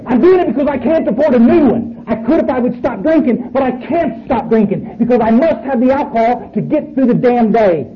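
A man's voice: very high voice, lively intonation, fairly quick, hardly any pauses. A man, speaking bluntly and profanely to a room full of people at a recovery meeting. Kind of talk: speaking to an audience. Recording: muffled recording with faint noise.

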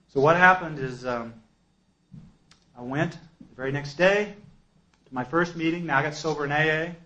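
A man telling his own recovery story to a group, acting out conversations with humor and self-mockery. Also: medium pitch. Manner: animated storyteller, acts out dialogue, self-deprecating. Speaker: speaker sharing recovery story. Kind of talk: personal testimony talk.

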